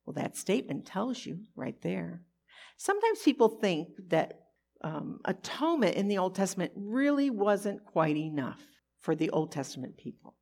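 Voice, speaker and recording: A woman teaching a conversational Bible lesson, animated and expressive, often asking her listeners rhetorical questions. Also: mid-range voice, normal speed, gravelly.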